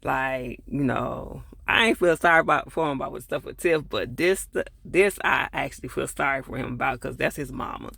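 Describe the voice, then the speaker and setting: A man's voice: medium pitch, moderate pace, vocal fry, hardly any pauses, pushed and bright, no room sound, clean studio sound. A man giving a casual, chatty episode recap and review, full of fillers and asides to viewers, acting out characters' lines and getting heated when annoyed. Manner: acts out characters' lines while retelling scenes.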